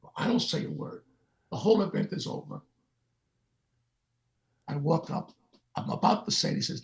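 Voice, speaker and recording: An older man with a slightly high voice and vocal fry talks at normal speed but pauses often. He's a guest musician in a sit-down interview, animatedly telling stories and acting out the voices of the people in them.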